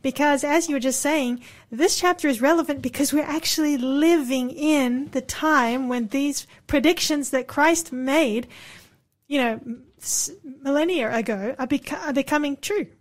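A woman leading a Bible study on the radio, praying and explaining in an encouraging, affirming way. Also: high voice. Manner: warm, encouraging, quick affirmations. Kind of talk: casual on-air Bible discussion and prayer. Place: radio studio.

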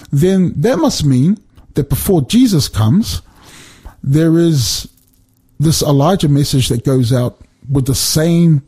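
A man explaining Bible passages in a relaxed conversation, animated and emphatic, often repeating words as he builds his point. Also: fairly high pitch, breathy edge. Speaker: Bible teacher.

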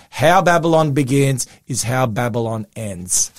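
A man, a pastor co-hosting a Bible study talk show, explaining scripture earnestly with a slightly croaky voice. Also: medium pitch, animated, measured pace, few pauses. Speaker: pastor, co-host.

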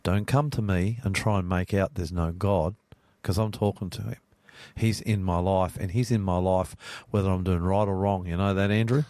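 A man's voice: low-pitched, steady tone, moderate pace, warm tone, dry recording. A man hosting a radio Bible study chat, earnest and growing emphatic as he preaches. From Australia. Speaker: radio host.

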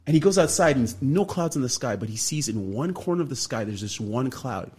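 A man with a husky, somewhat breathy voice sits in as a guest on a radio show, telling a long personal story. His pitch sits in the middle range for a man. He tells it in an animated way, jumping up high to act out what other people said. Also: brisk, hardly any pauses.

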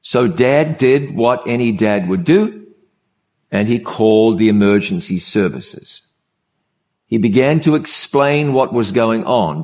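A man with a lowish, creaky, slightly mellow voice preaches a sermon that opens with a story. He keeps it conversational, pausing in a measured way and repeating key words for emphasis.

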